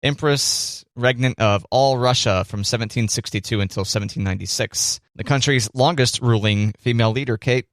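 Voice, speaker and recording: A man's voice: mid-range voice, normal speed, hardly any pauses, no echo, studio quality. A man co-hosting a radio show in casual banter, teasing and jokey, rambling a little.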